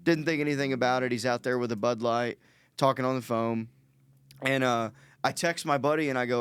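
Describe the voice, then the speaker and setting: A man co-hosting a podcast, telling a story in casual chat, animated, laughing and swearing freely. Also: medium pitch, moderate pace, smooth, no room sound. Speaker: podcast co-host.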